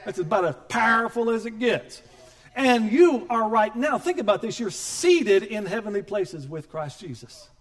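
A middle-aged man preaching a sermon as pastor, animated and joking, acting out quoted voices. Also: high voice, normal speed.

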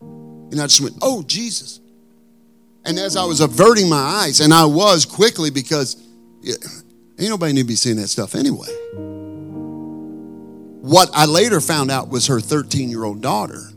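A male pastor preaching a sermon with animated, blunt storytelling and emphatic asides. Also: fairly high pitch, moderate pace, pauses often, faint music behind.

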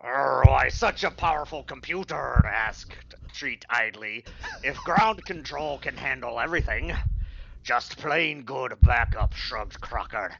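A man reading a book aloud as a pirate, in a low, slow, half-hearted delivery. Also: animated, creaky, fairly bright tone, a little hiss or hum. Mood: gruff. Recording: dull lo-fi recording.

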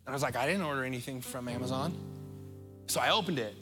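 A middle-aged man with an American accent preaching a sermon as pastor, earnest and openly emotional, slowing right down on key phrases. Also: mid-range voice, over music. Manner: emotional, earnest, speeds up and slows down for emphasis.

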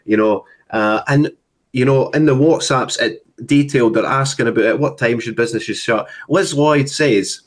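Scottish man, guest activist, scornful, halting delivery, many uhs, mid pitch. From Scotland. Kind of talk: casual political commentary.

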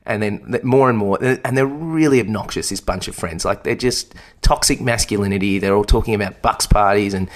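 A man's voice: lowish voice, fairly quick, few pauses. A young man co-hosting a casual chat, telling a rambling, self-deprecating story. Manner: rambling, self-deprecating, acts out quoted voices. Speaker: podcast co-host.

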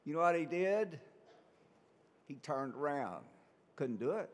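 A man's voice: a little high, very animated, unhurried, pauses often, long reverb tail. A man, a priest, giving a conversational sermon full of rhetorical questions.

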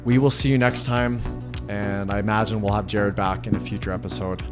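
Earnest low-voiced podcast host. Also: male voice, fairly even intonation, brisk, over loud music. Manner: earnest, reflective, rambling with fillers. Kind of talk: casual conversation.

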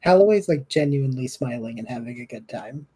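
A woman playing a tabletop game, chatting in an animated, joking way. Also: rumbling low, a little fast, slightly rough. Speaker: player.

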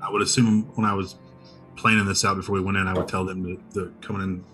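A man with a very low, bright-edged voice plays his character in a tabletop game. He makes calm, blunt threats, and faint music plays behind him. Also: quick pace. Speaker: player.

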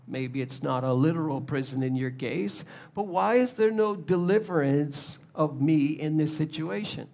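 A man preaching a sermon, animated, acting out little scenes in shifting voices. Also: on the high side, gravelly. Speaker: pastor.

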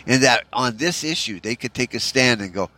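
A man's voice: mid-range voice, lively intonation, moderate pace, sharp tone. A man hosting a solo podcast, delivering a rambling, profane rant in a discouraged, bitter tone, full of "you know" fillers. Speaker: podcast host.

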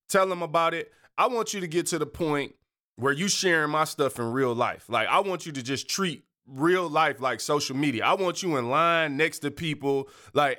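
Male podcast host, slightly high voice, playful, jokey and full of energy, with an earnest, preachy streak. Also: pushed and bright, clear, resonant tone. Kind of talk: casual solo podcast monologue.

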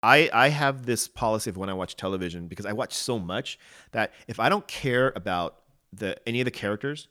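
A man with a fairly low voice talks through a casual podcast chat as co-host. He hesitates and restarts his sentences often, yet states his opinions firmly. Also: animated, a little fast, pushed and bright.

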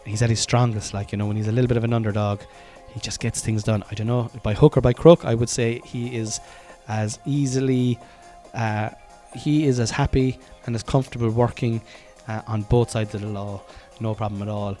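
A man's voice: medium pitch, fairly even intonation, fairly quick, hardly any pauses, warm tone, faint music behind. A man in his thirties with a Cork Irish accent, hosting a podcast as a comedian in a loose, chatty, self-deprecating monologue full of fillers and restarts. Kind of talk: casual rambling podcast monologue.

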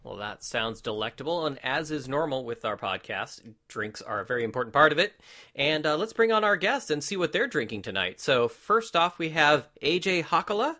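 A man's voice: fairly high pitch, very animated, normal speed, bright, forceful tone. A man hosting a casual podcast, easygoing and joking with his guests. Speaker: podcast host. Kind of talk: casual chat.

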